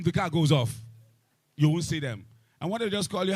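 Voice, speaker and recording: A man moderating a live panel, emphatic and repetitive, growing loud and animated, speaking into a microphone. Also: high voice, brisk. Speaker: event moderator. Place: event hall with a microphone. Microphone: handheld event microphone.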